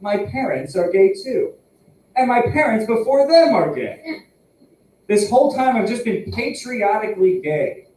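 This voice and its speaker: A young man doing stand-up at an open mic in a small tobacconist shop mocks himself and laughs at his own jokes. His high voice is sing-song, measured and a little mellow, heard from afar through a distant mic in an echoey room.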